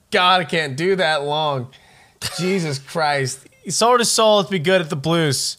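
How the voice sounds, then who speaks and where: A man's voice: fairly high pitch, expressive, a little slow, a bit bright. A man co-hosting a casual comedy podcast, joking, swearing and laughing often. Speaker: podcast co-host.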